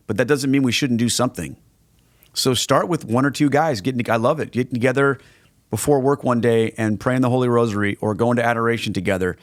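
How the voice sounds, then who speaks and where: A man's voice: medium pitch, no room sound. Earnest middle-aged man, dry close sound. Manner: earnest, conversational, restarts phrases. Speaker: guest, Catholic evangelist. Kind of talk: podcast conversation.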